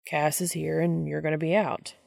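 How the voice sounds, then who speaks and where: A gruff, affectionate young man who teases with dry sarcasm, voiced by a woman reading aloud. The voice sits low and gravelly, with no room sound around it. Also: little pitch movement, moderate pace, darkish tone, no echo. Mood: teasing.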